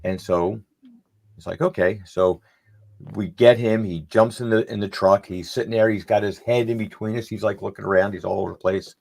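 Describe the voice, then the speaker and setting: Gravelly, low-voiced man telling a story. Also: steady tone, normal speed, darkish tone. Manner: rambling, anecdotal, acts out quoted dialogue. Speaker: podcast panelist. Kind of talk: casual storytelling.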